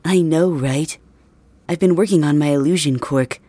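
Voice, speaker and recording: Woman as a calm young illusionist; low, slow and matter-of-fact, dry and close. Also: dry recording. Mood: explaining. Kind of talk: audio drama role-play.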